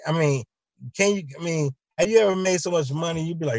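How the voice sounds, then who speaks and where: A man's voice: fairly high pitch, quick pace, darkish tone, dry recording. Rambling comic storyteller, a man, dry sound. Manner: acts out both sides of imagined conversations; loose, repetitive storytelling with many restarts. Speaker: show host.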